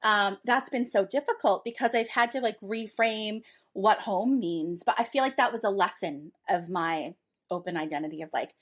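A woman's voice: mid-range voice, normal speed. A woman hosting a podcast in casual chat, talking in a chatty way with frequent laughs and fillers. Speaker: podcast host.

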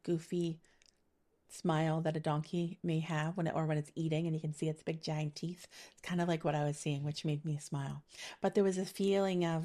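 Sitting low and darkish in tone, the voice belongs to a middle-aged woman doing a monthly energy reading as a spiritual reader. She keeps it casual and intuitive, rambling and chatty with many fillers, laughing easily.

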